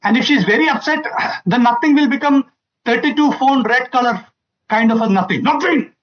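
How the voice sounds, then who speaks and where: A man's voice: very high voice, a little fast, muffled recording. A man giving an emphatic public talk to an audience, repeating key phrases and acting out quoted lines. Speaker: family seminar speaker.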